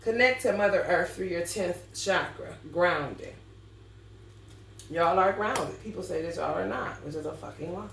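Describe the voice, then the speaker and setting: An astrology reader rants bluntly and with profanity in a casual astrology vlog. Her voice is on the low side with vocal fry and normal speed, and the roomy, distant-mic recording carries a little hiss or hum and faint ambience.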